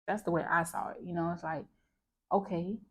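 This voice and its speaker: A woman's voice: lowish voice, level tone, fast talker, a bit bright, husky. Chatty woman reflecting on scripture. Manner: chatty and reflective, with many fillers. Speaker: bible study vlogger. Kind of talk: casual chat about scripture.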